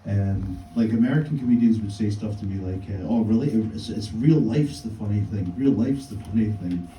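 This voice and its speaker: A man doing a stand-up set in a deadpan, halting way, full of fillers. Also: lowish voice, faint music behind. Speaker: stand-up comedian. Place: comedy club stage. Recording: echoey room mic, from a distance.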